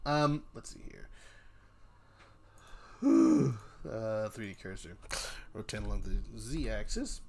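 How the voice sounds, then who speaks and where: A man's voice: lowish voice, expressive, slow, creaky, pauses often, darkish tone, husky. A man hosting a casual work stream, playful and jokey as he chats. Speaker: streamer host.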